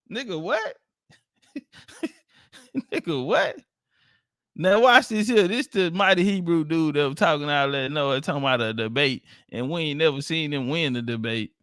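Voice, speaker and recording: High-voiced man mocking, slow and dry. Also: fairly bright tone, no room sound. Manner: profane, laughing, mocking. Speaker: online commentator. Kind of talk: casual mocking commentary on clips.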